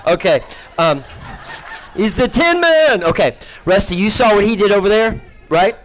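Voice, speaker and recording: Joking stage magician working a crowd. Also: male voice, high-pitched, expressive, normal speed, poor audio. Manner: playful, joking, coaxing the crowd. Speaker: gospel magician. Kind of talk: stage show with audience volunteers. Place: large stage before a live audience.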